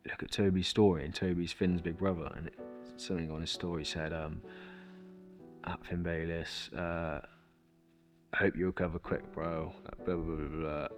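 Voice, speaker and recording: A young man with a notably deep voice, speaking casually in a documentary interview. He tells his story loosely, swearing and acting out what others said, with faint music under him. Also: flat delivery, moderate pace. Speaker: interviewee, rapper.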